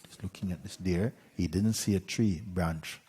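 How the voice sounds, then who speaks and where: A man, a spiritual teacher, telling a story in an unhurried way with soft asides and light laughs. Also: low voice, long reverb tail, slight background noise. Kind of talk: storytelling talk.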